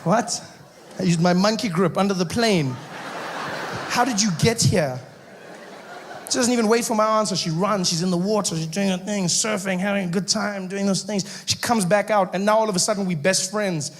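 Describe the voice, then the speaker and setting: A South African man doing stand-up on stage, his voice sitting fairly high for a man. He tells the story with animated disbelief and slips in and out of the characters. A faint hum of the room sits behind him. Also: quick pace, few pauses. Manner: animated, incredulous, acts out the characters. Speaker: stand-up comedian.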